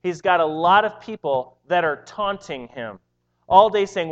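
A man's voice: sits high, expressive, unhurried, dull audio. A man preaching a sermon in an earnest, emphatic way, often repeating words as he drives a point home.

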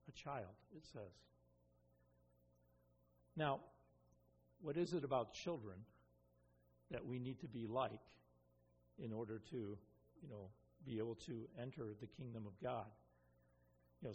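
A pastor giving an earnest expository sermon, with frequent ums and restarts. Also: male voice, medium pitch, a little mellow, a little hiss or hum. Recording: long reverb of a hall.

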